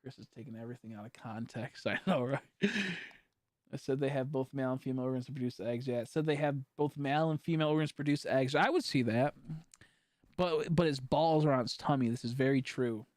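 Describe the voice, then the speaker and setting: A man's voice: mid-range voice, brisk, darkish tone, dry recording, clean studio sound. A young man chatting casually on a livestream, rambling and joking and laughing often as he talks. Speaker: streamer.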